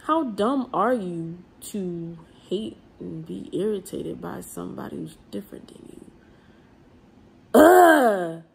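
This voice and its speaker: A woman's voice: lowish voice, measured pace, vocal fry, hardly any pauses, a little hiss or hum. A woman, ranting bluntly in an unscripted vlog, full of swearing and slang. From New Orleans. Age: 30s. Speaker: vlogger.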